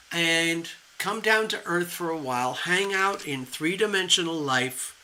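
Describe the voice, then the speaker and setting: A man giving tarot readings on a live stream, talking gently and soothingly, rambling with fillers. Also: on the high side, poor audio. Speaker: tarot reader.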